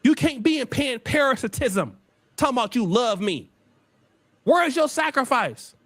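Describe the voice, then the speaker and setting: A man's voice: lively intonation, normal speed, fairly bright tone, no echo, studio quality. A man hosting a heated livestream, preachy and confrontational. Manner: preachy, confrontational, swings pitch widely. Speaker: livestream host.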